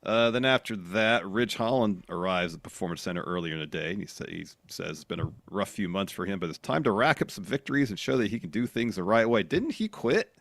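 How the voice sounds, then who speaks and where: A man's voice: on the low side, animated, quick pace, few pauses, fairly bright tone, no room sound. A man co-hosting a podcast, recapping wrestling episodes in a plain, matter-of-fact way. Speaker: podcast co-host.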